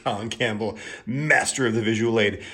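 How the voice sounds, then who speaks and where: A man's voice: on the low side, steady tone, moderate pace, fairly bright tone. A man hosting a casual tarot video, explaining things in a playful, chatty way with plenty of asides and fillers.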